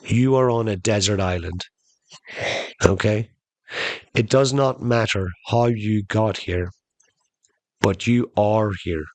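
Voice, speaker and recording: Casual pally genie, low and slow ; a man voices him. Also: darkish tone, dry recording. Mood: laid-back. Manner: casual, calls him "buddy" and "sport". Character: smooth laid-back male genie, chummy.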